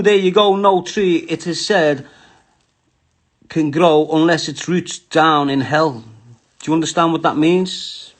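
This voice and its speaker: A middle-aged man with a Scouse accent from Liverpool, ranting crudely and mockingly on a live stream. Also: a little high. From Liverpool, England.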